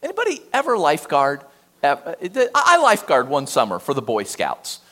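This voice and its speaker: Lively, high-voiced male preacher. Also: normal speed. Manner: animated, emphatic, conversational with frequent rhetorical asides. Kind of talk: sermon.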